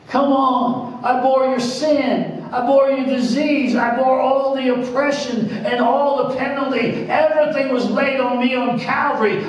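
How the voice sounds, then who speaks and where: A man's voice: very high voice, recorded from a distance. A middle-aged man preaching a sermon, telling jokey stories and laughing often. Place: church sanctuary. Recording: echoey church hall, preacher off-mic.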